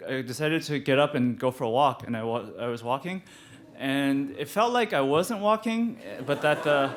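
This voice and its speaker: A man telling a personal story live, halting and restarting often, with frequent laughter in his voice. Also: a little high.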